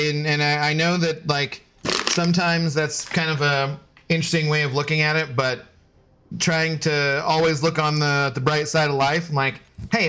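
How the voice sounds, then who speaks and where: Male streamer, casual and rambling, baby-talks his dog; somewhat high, bright voice. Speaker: streamer chatting with viewers. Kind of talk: casual live-stream chat.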